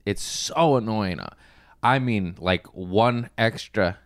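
Animated man telling stories, dry close mic. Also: on the low side, slow pace, no echo. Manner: animated storytelling, swearing, acting out quotes. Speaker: stand-up comedian, guest. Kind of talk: casual podcast chat.

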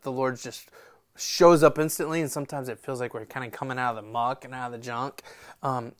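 Pastor preaching conversationally. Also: male voice, medium pitch, fairly bright tone. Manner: conversational, storytelling with voiced quotes and laughs. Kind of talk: sermon.

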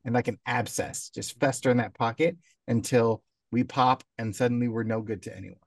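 A man's voice: medium pitch, fairly even intonation, a little fast, creaky, no room sound. A man talking reflectively in a casual podcast chat, building his point step by step. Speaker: podcast host.

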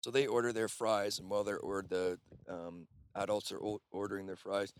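A man's voice: on the low side, fairly even intonation, normal speed, clear, resonant tone. A man, host of an off-grid cabin, telling long rambling stories in casual conversation and swearing now and then.

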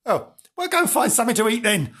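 A man's voice: very high voice, very animated, fairly quick, fairly bright tone, pitched above the performer's own voice, heavily acted. A man doing a fussy, exasperated dog in a storybook. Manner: exasperated, bossy. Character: fussy, irritable male dog. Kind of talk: storybook reading.

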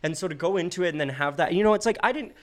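A young man, a podcast guest, telling stories in a casual, animated way and laughing often. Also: high-pitched, racing. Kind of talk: casual storytelling.

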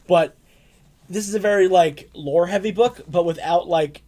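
A young man with a slightly higher voice talks through a comic review in a loose, rambling way. He piles on fillers and chuckles as he goes, casual and conversational. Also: normal speed, a little mellow. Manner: rambling, filler-heavy, laughs often. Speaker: comic book podcast co-host.

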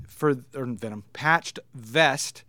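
A man's voice: medium pitch, takes it slowly, sharp tone. A man in his thirties co-hosting a casual comic book podcast, chatting as an enthusiastic fan. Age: 30s. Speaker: podcast co-host.

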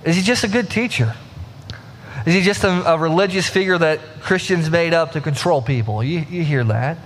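A man's voice: on the high side, normal speed, slight background noise. A young adult man preaching a conversational sermon as a pastor, acting out the voices in the scripture stories. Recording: long hall reverb.

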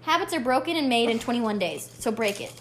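An animated young woman with a slightly high voice, playfully bossy and emphatic as she chats. A faint hiss sits under the recording. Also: brisk. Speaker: podcast co-host. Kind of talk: casual chat.

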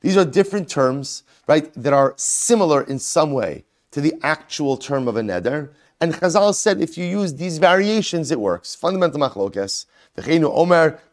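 Animated man teaching a Talmud lesson. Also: medium pitch. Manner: animated, asks and answers his own questions; mixes Hebrew and Aramaic terms into English. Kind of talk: Talmud lesson, explaining a text.

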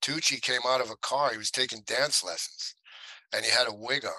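Bright-voiced actor telling stories. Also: male voice, mid-range voice, fairly quick, dry recording, rough recording. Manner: rambling, many restarts, acts out quoted lines. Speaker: actor and guest. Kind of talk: casual interview storytelling.

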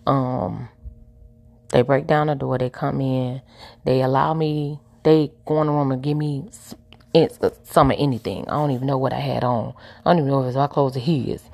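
A woman's voice: very deep voice, gravelly, a little mellow. A woman telling a personal story candidly, emphatic and repeating her points with preachy asides.

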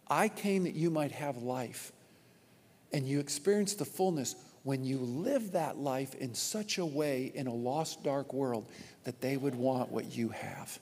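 A man preaching a sermon as pastor from a church stage, animated and repeating his points for emphasis. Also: mid-range voice, moderate pace, breathy edge. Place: church auditorium with long reverb. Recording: long hall reverb.

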